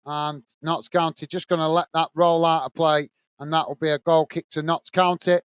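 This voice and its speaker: A man's voice: a little high, flat delivery, normal speed, clean tone, dry recording. A man hosting a football watch-along, calling the play casually and reading out viewer messages. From England. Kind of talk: live fan commentary and chat reading.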